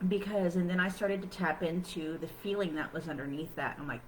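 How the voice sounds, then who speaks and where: A woman's voice: lowish voice, a little fast, few pauses, slight background noise, poor audio. A woman giving a casual self-help lesson to viewers, chatty and loose, full of "you know" and "like". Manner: acts out her own past thoughts in quoted asides. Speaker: spiritual self-help teacher. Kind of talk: casual teaching talk to viewers.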